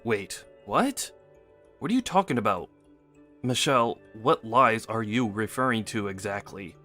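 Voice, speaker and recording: A man's voice: fairly low pitch, lively intonation, unhurried, bright, forceful tone, soft background music. A man voicing a careless, lying young husband in a text-message drama, dismissive and offhand.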